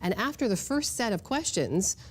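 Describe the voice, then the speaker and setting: A woman news panelist making brisk, conversational points. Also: medium pitch, very animated, slight background noise.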